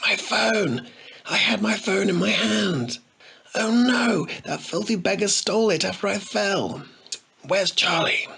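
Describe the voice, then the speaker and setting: Male narrator as a bratty posh schoolboy, high and shrill, sneering. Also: measured pace, creaky, sharp tone, husky, full character voice. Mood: panicked. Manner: shrill, whining, indignant.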